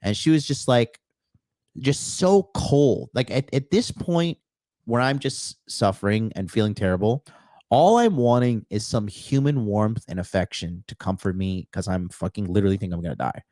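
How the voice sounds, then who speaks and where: Guy swearing through a story to his viewers, low voice, dead dry sound. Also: animated, moderate pace, mellow, no echo. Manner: profane, emphatic, talks to viewers directly. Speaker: dating coach. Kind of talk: casual storytelling monologue.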